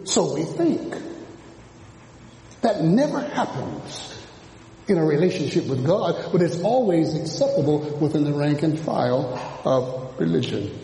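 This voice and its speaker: A man preaching a sermon, dropping low and then rising to shouts as he mimics churchgoers. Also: big pitch swings, a little slow, vocal fry. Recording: echoey hall from a distance.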